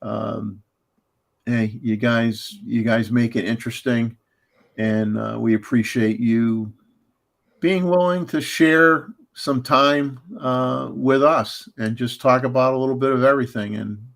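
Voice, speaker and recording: A man's voice: mid-range voice, steady tone, measured pace, creaky, fairly bright tone. A man hosting a casual livestream chat, rambling with lots of fillers and restarts and chuckling often. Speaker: livestream host.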